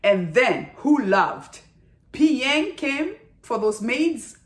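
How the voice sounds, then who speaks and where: A woman's voice: fairly high pitch, big pitch swings, drawn-out words. A woman giving a casual, emphatic review of a TV drama, often tagging her sentences with "right?" and "okay?". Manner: emphatic, chatty, with frequent "right?" and "okay?" tags. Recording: roomy echo.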